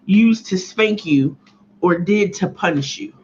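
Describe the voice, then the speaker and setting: A woman co-hosting a casual chat, telling a story in a profane, animated way with a lot of laughing. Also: lowish voice, unhurried, slight background noise. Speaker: podcast co-host. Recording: slightly muffled audio.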